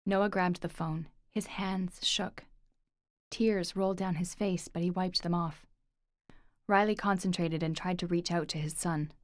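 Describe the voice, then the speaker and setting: A woman narrating an audiobook with steady, measured delivery. Her voice sits on the low side and the recording is dry and close, with no room sound. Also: no echo. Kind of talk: scripted narration.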